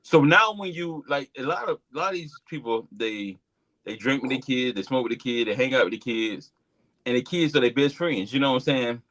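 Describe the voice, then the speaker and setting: A man's voice: medium pitch, fairly quick, a bit bright, low-quality recording. A man co-hosting a casual podcast, making emphatic points about parenting and calling people dog and bro. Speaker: podcast co-host. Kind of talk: casual group chat.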